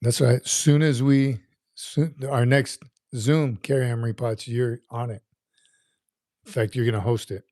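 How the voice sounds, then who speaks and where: A man's voice: medium pitch, fairly even intonation, a little slow, warm tone, no echo, studio quality. A man in his fifties hosting a casual livestream, chatting loosely and reading out viewer comments while often repeating his words. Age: 50s. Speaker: livestream host.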